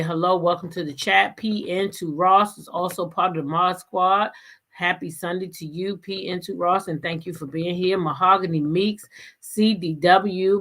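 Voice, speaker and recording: Greeting viewers on a casual livestream chat, the woman running the channel has a lowish, fairly bright voice. She's chatty, laughing often and drawing her greetings out long.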